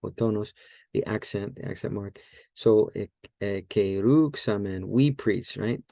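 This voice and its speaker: Low gravelly man teaching casually. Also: unhurried, dark tone, no echo. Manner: thinks aloud, self-correcting, many fillers. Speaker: Greek language teacher. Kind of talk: casual screen-share lesson.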